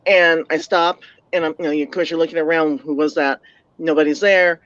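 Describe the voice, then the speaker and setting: A woman's voice: low-pitched, steady tone, a little fast, a bit bright, dry recording. A woman in her forties from the San Diego area, telling a ghost story earnestly in casual chat. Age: 40s. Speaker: paranormal talk show panelist. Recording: dull, dry lo-fi audio.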